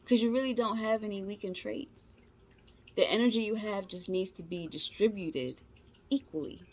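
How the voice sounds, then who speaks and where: A woman's voice: mid-range voice, normal speed. A woman giving a casual tarot reading, talking to her viewers in a chatty, slangy, encouraging way. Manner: slangy, informal speech. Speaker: tarot reader.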